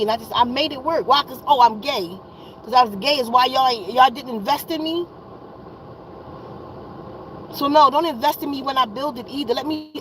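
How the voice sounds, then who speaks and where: High-pitched and a bit bright, she's heard over poor audio with slight background noise. The speaker is a wellness vlogger in her fifties who vents to her viewers, tired and fed up, blunt, profane and prone to saying things twice.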